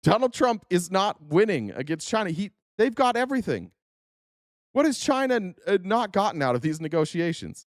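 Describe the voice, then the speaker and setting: A man's voice: high voice, big pitch swings, normal speed, no echo, clean studio sound. A young man hosting a political commentary show, speaking sarcastically and swearing often. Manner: sarcastic, profane, laughs often. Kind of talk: casual reaction commentary.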